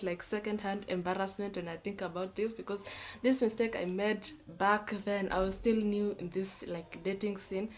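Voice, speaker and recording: A young woman in her twenties talking casually to camera, giving candid dating advice with many fillers and repeats. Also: medium pitch. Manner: chatty, candid, repeats herself with lots of fillers. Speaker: vlogger.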